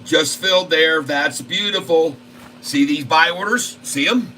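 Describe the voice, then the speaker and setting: Male trading host, live commentary, folksy and excitable, bright sharp tone. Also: fairly high pitch, measured pace, slight background noise, rough recording. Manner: folksy and excitable, keeps addressing the viewers. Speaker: stock trading channel host.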